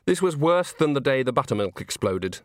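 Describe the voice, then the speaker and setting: A man reading an audiobook in a wry, expressive storytelling manner. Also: medium pitch, a little fast, dry recording, clean studio sound. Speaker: audiobook narrator. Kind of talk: audiobook narration.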